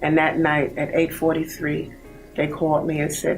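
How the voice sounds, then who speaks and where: A woman in her sixties, a bereaved mother giving a heartfelt, halting personal testimony. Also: deep voice, monotone, vocal fry, faint music behind, low-quality recording. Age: 60s. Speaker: bereaved mother in a support program.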